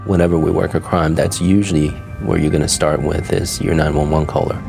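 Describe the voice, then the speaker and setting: A male detective speaks plainly in an interview, with a few fillers. His voice is low and gravelly, with soft music behind. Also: flat delivery, a little fast. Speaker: police detective.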